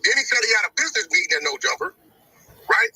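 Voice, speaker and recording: A man's voice: very high voice, huge pitch swings, quick pace, sharp tone, slightly rough, no room sound, low-quality recording. A man in a casual phone conversation, arguing his side in a dismissive, profane way.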